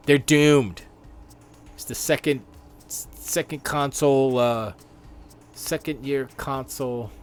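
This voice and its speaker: A man's voice: mid-range voice, a little slow, pauses often, a little hiss or hum. Male live stream host, casual gaming news commentary, rambling. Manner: rambling, riffs on the news he reads.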